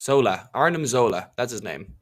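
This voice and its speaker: A man's voice: mid-range voice, moderate pace, a bit bright. A man chatting casually on a podcast while commenting on a film. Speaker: podcast co-host.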